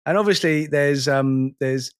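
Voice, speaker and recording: A man's voice: a little high, a little slow, smooth. A man in his forties co-hosting a podcast, chatting casually and rambling in a self-mocking way, often restarting his sentences. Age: 40s. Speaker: podcast co-host. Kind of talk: casual chat.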